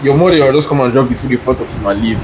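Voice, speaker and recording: A man's voice: medium pitch, very fast. A young man from Nigeria co-hosting a podcast, telling stories with acted-out quotes and frequent laughter in casual chat. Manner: animated storytelling, acts out quotes, laughs often. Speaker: podcast co-host. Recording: faint background noise.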